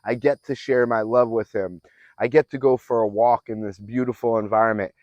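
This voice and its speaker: A man's voice: medium pitch, fairly even intonation, fairly quick, a little mellow, dry recording, dull audio. Earnest motivational coach, a man. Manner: earnest, affirming, with rambling restarts. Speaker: fitness and mindset coach. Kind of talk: motivational self-help talk.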